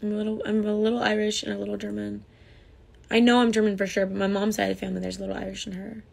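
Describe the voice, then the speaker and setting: A woman's voice: mid-range voice, flat delivery, very fast, gravelly, darkish tone. A young woman from the United States chatting casually on a phone livestream, reading comments aloud and answering them.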